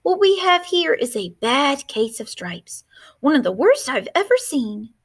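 A gentle, plump old woman in a storybook, speaking sweetly and brightly, as a woman teacher reads her part. Her voice sits high and soft. She talks like a grandmotherly healer. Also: big pitch swings, measured pace, full character voice.

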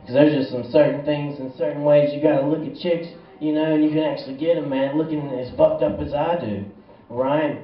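A man's voice: a little high, fairly even intonation, a little fast. Rambling, profane stand-up comic man. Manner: rambling, profane, laid-back stoner delivery. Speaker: stand-up comedian. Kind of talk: stand-up comedy set. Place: small bar or club stage. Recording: echoey room, far from mic, dull lo-fi sound.

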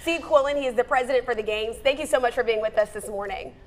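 A woman anchors live morning news in a playful, upbeat manner. Her voice sits high, and she banters lightly before introducing a guest. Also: fast, crowd noise. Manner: playful and upbeat, laughing easily.

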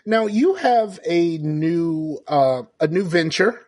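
A man's voice: on the high side, lively intonation, slow pace, darkish tone. A man hosting a podcast, laughing and swearing in casual banter with his guest. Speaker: podcast host. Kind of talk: casual chat.

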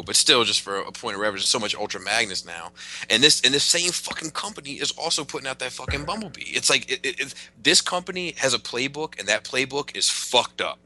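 A man's voice: medium pitch, bright, forceful tone, poor audio. A man hosting a casual podcast, ranting emphatically with plenty of profanity. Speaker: podcast host.

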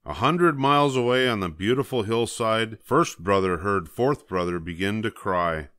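An older man reads a picture book aloud in a low voice. His delivery is measured and gentle, and the recording is dry and close. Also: no room sound. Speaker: storybook reader.

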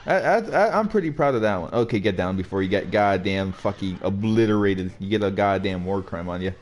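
A young man streaming a game, swearing a lot and joking excitably as he plays. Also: on the low side, a little fast. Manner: profane, excitable, jokey. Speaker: gaming streamer. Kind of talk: live gameplay commentary. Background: faint game music.

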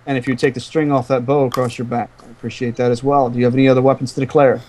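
A man voicing a stern adult male town gate guard in a tabletop game, brisk and demanding. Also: mid-range voice, little pitch movement, darkish tone, close to an everyday voice. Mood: stern, officious.

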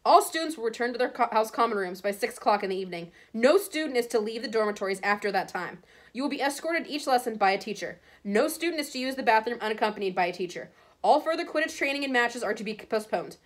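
A woman's voice: fairly high pitch, animated, fast, close to an everyday voice. A woman voicing a stern older female professor who speaks firmly and formally, reading aloud from a storybook. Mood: grave. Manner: firm, formal announcements.

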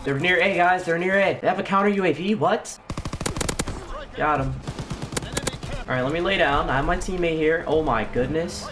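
A man hosting his gaming channel, commenting live on his shooter match in an excitable, slangy way. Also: a little high, normal speed, pauses often, background noise. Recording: game gunfire behind voice. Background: gunfire and game sounds.

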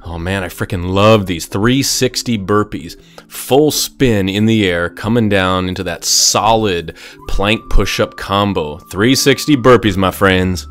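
A man's voice: sits low, unhurried, a bit bright, soft background music. Upbeat jokey male fitness instructor. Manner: upbeat and jokey, coaching through exercises. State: out of breath at times. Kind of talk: workout instruction.

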